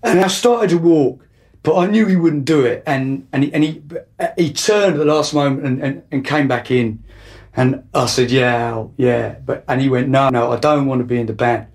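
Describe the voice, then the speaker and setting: A man's voice: medium pitch, normal speed, darkish tone. A young man delivering a rambling, hesitant comic monologue full of restarts. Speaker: comedy monologue performer.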